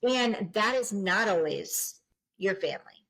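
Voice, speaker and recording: A middle-aged woman talks as a podcast guest, earnest and encouraging. She often circles back and restarts her phrases as she thinks aloud. Her voice sits at an ordinary pitch for a woman. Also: lively intonation, unhurried, vocal fry, a bit bright, poor audio. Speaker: guest, business coach. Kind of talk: podcast interview.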